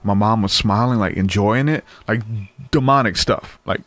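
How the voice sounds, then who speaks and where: A man tells his story in an earnest, easygoing way, often restarting his sentences. His voice sits low. The sound is close and dry, with no room echo. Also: moderate pace, a bit bright. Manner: earnest, conversational, frequent fillers and restarts. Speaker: guest sharing testimony. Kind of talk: casual storytelling.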